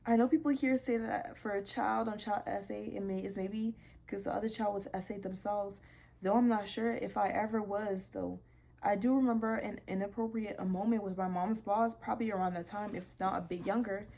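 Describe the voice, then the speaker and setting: A young woman hosting a casual vlog, reading posts aloud and reacting with animated disbelief and swearing. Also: medium pitch, brisk, gravelly. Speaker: video creator.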